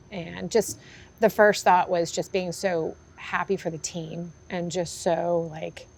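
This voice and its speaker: A woman horse trainer in an interview, telling her story candidly with animated, lively delivery and frequent fillers. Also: lowish voice, takes it slowly, vocal fry, slight background noise. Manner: animated, acts out quoted reactions, frequent fillers.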